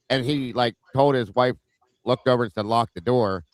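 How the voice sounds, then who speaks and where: A man's voice: mid-range voice, normal speed. A male podcast host with a mid-range voice, telling a story in a laid-back way full of slang. The sound is close and dry, with no room echo. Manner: relaxed retelling, slangy, says bro. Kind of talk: casual podcast chat.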